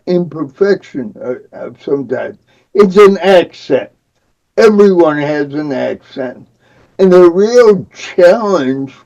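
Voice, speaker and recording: An older man with a Midwestern accent and speech shaped by cerebral palsy, talking as a guest on a podcast interview in a slow, deliberate, wry way. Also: on the high side, warm tone, lo-fi sound. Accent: Midwestern American. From American Midwest. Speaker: guest, disability advocate.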